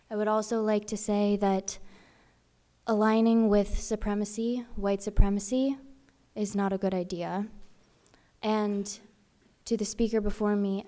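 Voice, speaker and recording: A woman's voice: medium pitch, warm tone. A young woman in her twenties, a student, making an earnest and pointed public comment at a city council meeting.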